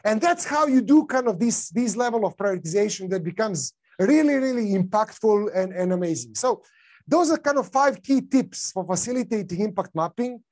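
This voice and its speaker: A man's voice: high-pitched, animated, moderate pace. A man with a non-native English accent giving a conference talk, casual, with many fillers and restarts. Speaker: conference speaker.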